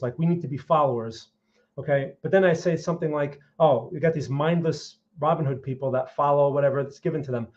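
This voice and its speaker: A man's voice: on the high side, darkish tone. A man with a New York accent hosting a live market stream, blunt and opinionated, talking straight to his viewers. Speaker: market analysis streamer host. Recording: dull lo-fi stream audio.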